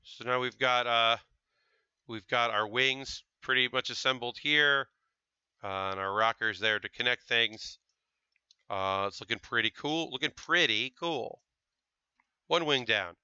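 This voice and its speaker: A man's voice: mid-range voice, a little slow, pauses often, pushed and bright, clean tone, dry recording, lo-fi sound. A man chatting casually to his live-stream viewers while building a model kit, thinking aloud with fillers. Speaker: livestreamer building model kits.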